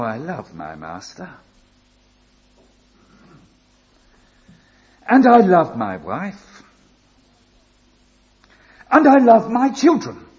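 A man's voice: high voice, darkish tone, highs cut off, pitched above the performer's own voice, heavily acted. A man voicing a humble, devoted male slave who pleads earnestly to stay with his master. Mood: earnest pleading.

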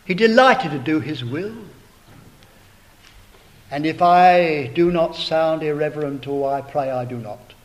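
Brief: male preacher, fairly high voice, slow and deliberate, building to loud emphatic climaxes then falling hushed. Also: rough recording. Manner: slow, dramatic delivery rising to loud emphatic peaks, then dropping to hushed tones; addresses listeners as brethren, beloved brother. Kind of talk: sermon.

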